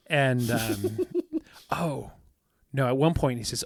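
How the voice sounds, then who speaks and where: A man chatting casually on a podcast, telling a long anecdote with lots of "um" and "like" and acting out what others said. His voice sits at an ordinary middle pitch. The sound is close and dry, with no room around it. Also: moderate pace, no room sound. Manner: rambling storyteller, many fillers, acts out quotes. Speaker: podcast co-host. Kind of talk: casual chat.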